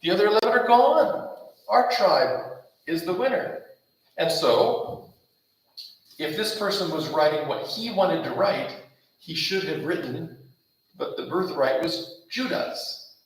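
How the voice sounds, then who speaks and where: A man preaching a Bible study in a strongly echoing church hall, heard from some distance off the mic with a faint hiss behind him. His voice sits a little high for a man, and he presses his points with repetition and rhetorical questions. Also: animated, unhurried, pauses often. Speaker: pastor. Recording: roomy echo, mic far off, faint noise.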